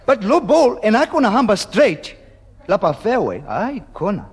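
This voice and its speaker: A man's voice: sits high, normal speed. A man doing a stand-up routine, telling a joke in a mix of slang and English with bursts of laughter. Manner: animated storytelling with bursts of laughter. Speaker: comedian. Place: live venue before an audience. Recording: live hall with loud crowd and noise.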